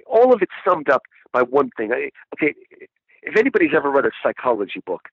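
A man's voice: fairly high pitch, breathy edge, no room sound. An enthusiastic man, a guest discussing a book, talking animatedly and asking rhetorical questions, over a dull, dry lo-fi recording. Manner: enthusiastic, rhetorical, repeats "right?".

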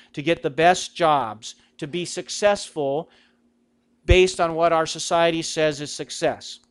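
A middle-aged man giving a conversational talk on Christian vocation, asking rhetorical questions. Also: on the high side. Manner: acts out quoted lines with a raised voice. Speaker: Catholic speaker.

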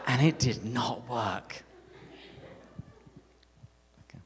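A man with an English accent giving a live talk to an audience, telling stories with animated, self-mocking humour. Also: medium pitch, fairly quick, long pauses, noisy background. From England. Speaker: speaker at a parish talk night. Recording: echoey hall reverb.

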